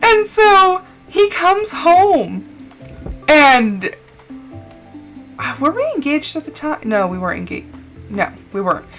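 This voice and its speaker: A young woman streamer with a bright, forceful voice tells a personal story in a casual, tearful way. She talks a little high, and soft music plays behind her. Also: expressive, takes it slowly, pauses often, poor audio. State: crying. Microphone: desk mic, no camera.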